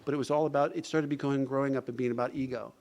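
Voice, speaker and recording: A middle-aged man from New Jersey speaks at a recovery meeting, recounting his story and slipping into the voices of the people in it. His pitch sits in an ordinary middle range, and he keeps dropping "you know" between sentences. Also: steady tone, rapid-fire, a little mellow. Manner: storytelling, acts out dialogue; frequent "you know" asides. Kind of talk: personal recovery talk. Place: event hall.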